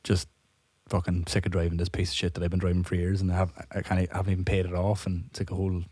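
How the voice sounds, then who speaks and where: A man's voice: sits low, monotone, racing, mellow, breathy edge, dry recording. A hungover man casually telling a long joke with lots of swearing, laughing at his own punchlines. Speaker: podcast co-host.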